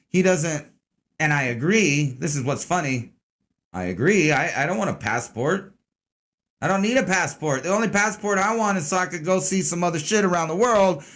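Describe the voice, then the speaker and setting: A man's voice: on the high side, a bit bright. A man hosting an online news commentary stream, talking casually, sarcastic, rambling and full of swearing.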